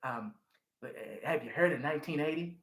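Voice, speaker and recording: A man doing a halting, mumbling older team owner. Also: fairly high pitch, a bit bright, roomy sound, voice pushed down, lightly acted. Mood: dismissive. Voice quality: mumbling, hesitant, full of uhs.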